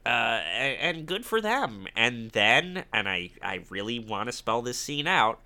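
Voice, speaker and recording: A man co-hosting a podcast, casually retelling a movie scene by scene with animated asides, swearing and frequent laughter. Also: mid-range voice, measured pace. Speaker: podcast co-host.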